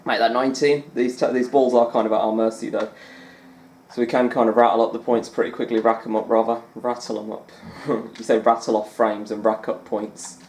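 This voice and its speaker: A man's voice: mid-range voice, flat delivery, a little fast, a little mellow, reverberant. A man giving rambling, chatty commentary over a snooker video game and amusing himself along the way. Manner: rambling, chatty, self-amused, lots of fillers. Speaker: gaming channel host.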